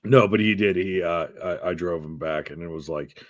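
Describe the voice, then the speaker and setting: A man's voice: low voice, measured pace, dry recording, studio quality. A man hosting a casual podcast, telling a story with lots of swearing and acting out the other people's lines. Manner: profane, animated storyteller acting out quotes. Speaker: podcast host.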